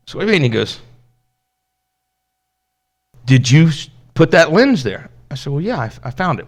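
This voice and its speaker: A man's voice: mid-range voice, big pitch swings, unhurried, vocal fry, long pauses. A man, a pastor, telling a personal story in a conversational sermon, acting out the dialogue and laughing now and then. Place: church.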